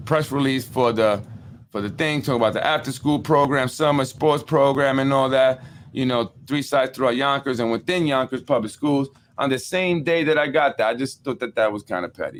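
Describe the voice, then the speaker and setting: New man hosting a podcast, mid-pitched, animated, repeats himself, faint noise behind. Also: moderate pace. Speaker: podcast host. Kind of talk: casual political talk.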